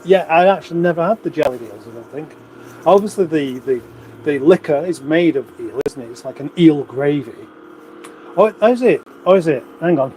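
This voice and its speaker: Middle-aged man, from England, rambling livestream chat, mellow, slightly high voice. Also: animated, moderate pace, long pauses, slight background noise, poor audio. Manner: rambling, chatty, reads viewer comments aloud. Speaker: livestream host. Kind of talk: casual live chat reading comments. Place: home room, indoors.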